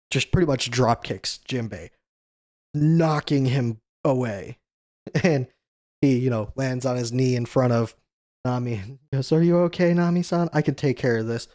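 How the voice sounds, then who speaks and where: A man at an ordinary mid pitch talks through a comic chapter in easygoing conversation. He leans on "you know" and briefly imitates the characters' lines. His voice sounds dry and close, with no room around it. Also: darkish tone, dry recording. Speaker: manga discussion show host. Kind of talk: casual chapter recap.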